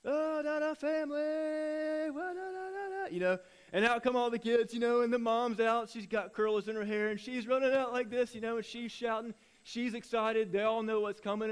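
High-voiced animated man preaching. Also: clear, resonant tone. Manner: animated storytelling, acting out voices. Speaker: pastor. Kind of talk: sermon.

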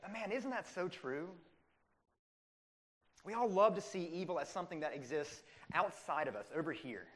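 Animated preacher, lively pitch. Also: male voice, normal speed, slight background noise. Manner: animated, rhetorical questions, acts out quoted voices. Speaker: pastor. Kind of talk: sermon.

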